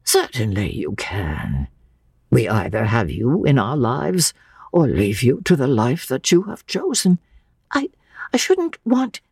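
A woman voicing a gentle, weary old man who speaks slowly and in a low hush. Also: huge pitch swings, creaky, slightly rough, no room sound, clean studio sound, heavily acted. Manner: slow, soft, low and hushed.

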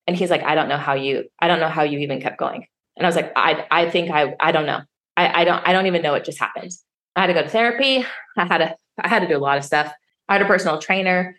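A woman with a low voice tells a personal story in an interview, speaking frankly and now and then swearing. She acts out what others said to her, her voice jumping up when she quotes them. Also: quick pace, fairly bright tone. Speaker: sommelier guest.

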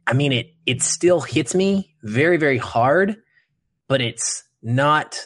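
A man's voice: medium pitch, dry recording, clean studio sound. A man co-hosting a podcast, giving an earnest, emphatic film review in casual chat. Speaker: podcast co-host.

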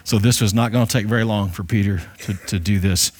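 A man's voice: lowish voice, fairly even intonation, brisk, darkish tone, husky. Conversational male pastor preaching. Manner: conversational and playful, with frequent restarts. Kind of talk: sermon reading and explaining scripture.

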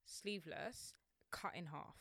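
A woman co-hosting a casual fashion podcast, playful and quick to chime in with agreement. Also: fairly low pitch, a bit bright, dry recording, studio quality. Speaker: podcast co-host. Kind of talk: casual chat about red-carpet fashion.

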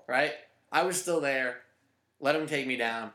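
Male podcast host, forceful bright tone, teasing and opinionated, roomy echo. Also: mid-range voice, unhurried. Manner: joking, emphatic, opinionated. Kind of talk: casual chat. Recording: echoey room.

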